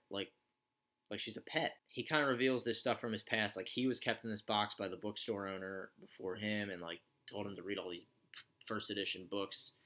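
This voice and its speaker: A man's voice: fairly low pitch, bright, forceful tone. A man recapping a TV show in a casual, rambling way, with sarcastic asides. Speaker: TV show reviewer.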